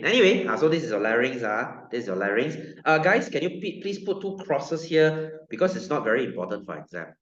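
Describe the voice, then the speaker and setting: Here a science teacher of medium pitch and fairly bright tone lectures in a Malaysian English accent, joking, repeating himself and firing questions at the students. It was recorded in a roomy classroom with dull, lo-fi sound.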